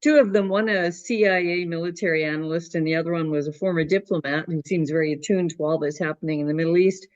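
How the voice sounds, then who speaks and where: A woman's voice: sits low, fairly even intonation, fast, hardly any pauses, a little mellow. A woman co-host asking a question, searching for words as she goes. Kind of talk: casual conversation. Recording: dull lo-fi call audio.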